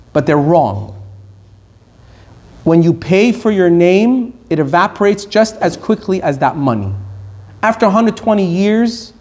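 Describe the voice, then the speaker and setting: A middle-aged man from Iran giving a Torah lecture as a rabbi, stressing key words slowly and rushing through asides. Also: high voice, darkish tone.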